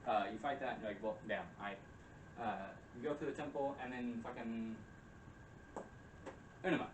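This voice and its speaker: A man's voice: mid-range voice, normal speed, noisy background. A young man casually retelling a game story, rambling, swearing often and acting out the characters' lines. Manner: rambling, profane, acts out quotes. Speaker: game recap presenter. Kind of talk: casual chat. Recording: roomy room, distant mic.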